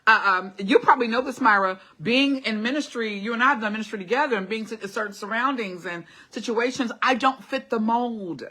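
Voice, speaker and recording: This middle-aged host of a live motivational stream talks casually while reading comments, urging viewers on in short repeated bursts and laughing often. She speaks a little fast with few pauses, in a sharp, fairly high voice that sounds classically trained.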